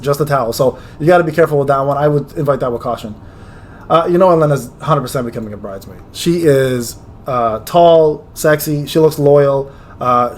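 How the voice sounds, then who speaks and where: A man hosting a gaming video, giving casual, rambling, slangy tier-list commentary with jokes and quick restarts. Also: fairly high pitch, slight background noise.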